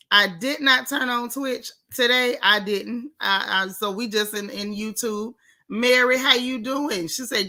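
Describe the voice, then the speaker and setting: A woman hosting a casual livestream, warmly greeting chat viewers one by one by name. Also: sits high. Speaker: livestream host. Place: home in Texas.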